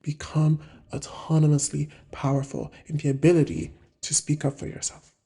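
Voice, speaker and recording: A woman in her 20s gives a casual, reflective monologue in a self-help video, often halting to look for words. Her low-pitched voice is warm and husky, with a flat delivery.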